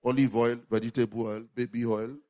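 A man preaching a sermon as a pastor, animated, swinging between loud exclamations and quiet asides. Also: medium pitch, a little fast.

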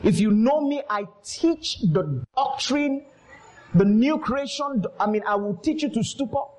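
High-pitched, lively preaching man. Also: unhurried, poor audio. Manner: emphatic preaching, calls to the congregation; storytelling with quoted voices. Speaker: pastor. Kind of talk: sermon.

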